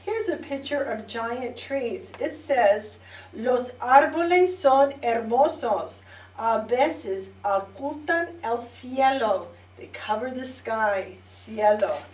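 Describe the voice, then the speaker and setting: A middle-aged woman teaching a bilingual children's lesson, repeating words clearly and prompting the listeners to say them back. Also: on the high side, lively intonation, slight background noise. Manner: slow, clear repetition with call-and-response prompts. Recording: echoey room, distant mic.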